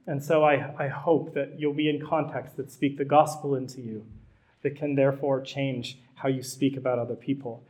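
A man's voice: medium pitch, little pitch movement, normal speed, a little mellow. A middle-aged man, a pastor, preaching a sermon in a conversational way that builds to emphatic repetition.

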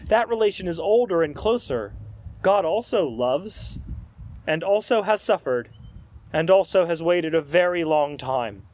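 A man reading aloud as the calm spirit of a redeemed man, patient and earnest. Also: a little high, unhurried, a little hiss or hum. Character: calm redeemed man's spirit, gently correcting. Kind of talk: read-aloud scene in a sermon.

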